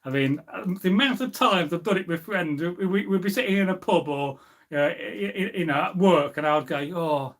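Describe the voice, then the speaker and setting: A man hosting a casual live stream, rambling and reading out chat comments, drawing out food words slowly. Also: high-pitched, fairly bright tone.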